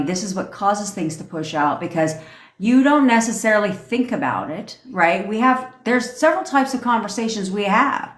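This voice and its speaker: A woman coaching manifestation in a livestream rant, blunt and full of swearing as she lectures her viewers. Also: medium pitch. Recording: roomy echo.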